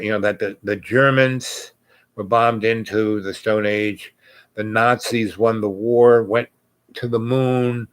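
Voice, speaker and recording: A man's voice: lowish voice, no echo. A man telling a long, rambling anecdote in casual chat, full of fillers and self-corrections. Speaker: storyteller.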